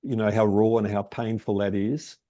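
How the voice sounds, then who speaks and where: A man in a workshop group asking a question hesitantly, with many pauses and ums. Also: fairly low pitch, flat delivery, warm tone, no room sound, muffled recording. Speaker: workshop participant.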